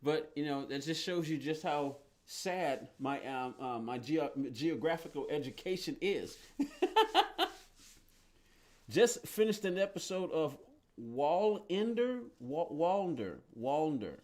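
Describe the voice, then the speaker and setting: A man with a high, light voice rambles loosely through a racing-game live stream. He talks straight to his viewers and thinks aloud about his cars and plans, one easygoing thought after another. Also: expressive, unhurried, darkish tone. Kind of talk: casual live-stream chat while playing.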